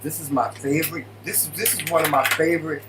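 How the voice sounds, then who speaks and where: A man co-hosting a casual live stream from his living room, greeting viewers in an animated, playful way. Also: a little high, brisk, recorded from a distance, noisy background. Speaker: co-host of a live stream show.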